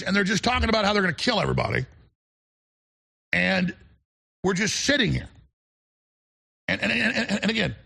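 A man's voice: high-pitched, gravelly, pushed and bright, slightly rough. A man hosting a talk radio show, delivering a rambling, emphatic monologue full of repeated restarts. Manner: emphatic and combative.

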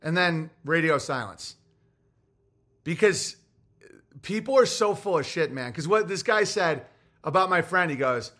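A man's voice: on the high side, animated, a little slow, pauses often, bright, forceful tone. A man hosting a podcast, ranting in a casual, profane monologue as he tells a heated story. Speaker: podcast host.

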